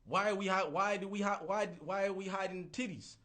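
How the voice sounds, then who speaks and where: A man in his thirties ranting casually on a livestream, profane, rambling and animated. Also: sits high, fairly quick. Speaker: livestream host.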